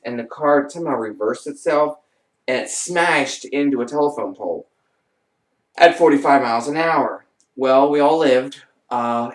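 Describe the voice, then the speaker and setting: A man vlogging, telling rambling true stories in a casual, animated way and acting out what people said. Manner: animated, rambling, acts out quoted voices with big pitch jumps. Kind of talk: casual first-person storytelling. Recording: roomy and distant from the mic.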